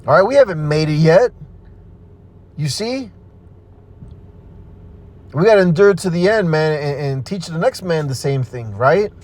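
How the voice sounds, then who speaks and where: A man with a notably high voice preaches hard and fast in street-sermon style. He swears casually, stumbles over restarts, and keeps checking in with "right?" and "you know?" as he pushes into his own testimony. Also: animated. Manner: forceful, profane, repeats "man" and "you see".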